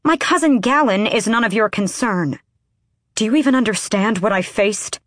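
Woman doing a defiant young queen, hissy and heated, lowish voice, no room echo. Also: measured pace, breathy edge, clean studio sound. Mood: indignant. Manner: heated, hissing, forceful. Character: fiery young queen, sharp-tongued and defiant.

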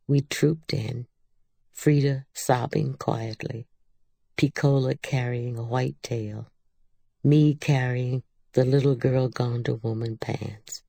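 Slow, gravelly woman audiobook narrator. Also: very deep voice, level tone, warm tone, dry recording. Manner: measured, unhurried reading.

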